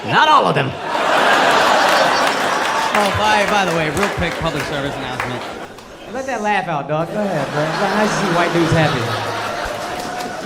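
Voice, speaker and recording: A man in his thirties doing stand-up comedy, loud, brash and profane, shouting his punchlines. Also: on the high side, lively intonation, moderate pace, long pauses, very noisy. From United States. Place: large theater on stage. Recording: live stage recording with loud crowd laughter. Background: loud audience laughter.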